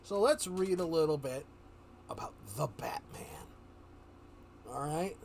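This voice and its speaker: A man's voice: a little high, lively intonation, measured pace, vocal fry, a little mellow, slight background noise. A man streaming live, telling a rambling story in casual chat, often chuckling and restarting his sentences.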